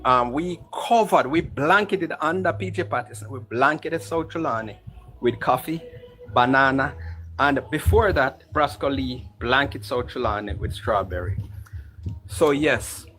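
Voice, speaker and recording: A Jamaican man debates politics in a mid-pitched voice, firm and methodical. He lists places and facts one by one and keeps talking over interruptions. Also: a little slow, a bit bright, poor audio. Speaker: political commentator.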